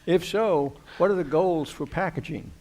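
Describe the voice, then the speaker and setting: A man's voice: fairly high pitch, moderate pace, darkish tone. Brief: male panel moderator, lightly raised voice, easygoing friendly questions.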